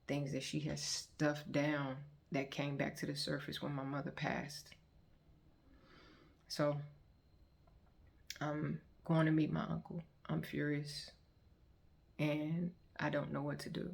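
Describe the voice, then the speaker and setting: Speaking directly to her viewers, a vlogger shares her personal testimony in an earnest, heartfelt, conversational way. Her low voice has a gravelly, creaky edge, and she takes on the voices of the people in her story as she tells it.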